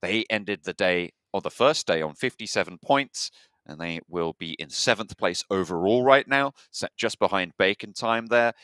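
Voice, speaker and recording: A man casting an esports match, steady and focused on standings. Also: on the low side, moderate pace, clear, resonant tone, no echo, clean studio sound. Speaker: esports caster. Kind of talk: play-by-play commentary.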